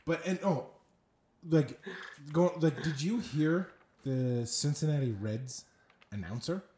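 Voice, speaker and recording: A young adult podcast co-host in casual, joking banter, laughing often and throwing in quick asides. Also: medium pitch, dark tone, reverberant. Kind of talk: casual chat.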